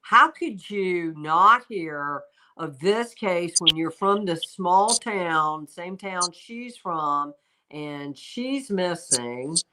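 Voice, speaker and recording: A woman's voice: sits low, background noise. A woman hosting a livestream as a psychic medium, telling a rambling story in casual chat and stopping now and then to talk to her pet.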